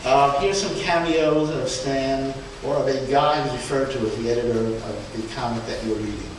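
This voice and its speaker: Halting man talking through slides. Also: mid-range voice, fairly even intonation. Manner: halting, many restarts and fillers, chuckling. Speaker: speaker at a book event. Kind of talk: informal slide presentation. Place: event room in a museum. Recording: echoey room, far from mic, background noise.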